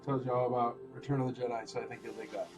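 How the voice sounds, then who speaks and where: A man's voice: medium pitch, little pitch movement, rapid-fire, faint music behind. Chatty man running a live auction. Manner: chatty and rambling, lots of "like" and "freaking". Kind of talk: casual live-stream auctioneering.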